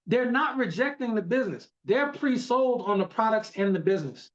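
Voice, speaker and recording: Emphatic, high-voiced male team coach. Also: lively intonation, fairly quick, hardly any pauses. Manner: emphatic, repetitive, preachy coaching. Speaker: network marketing team leader. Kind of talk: motivational training talk. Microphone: video call. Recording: lo-fi video call audio.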